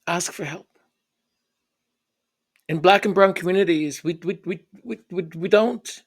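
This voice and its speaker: A man telling a personal story, halting and repeating words in an earnest way. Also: high-pitched.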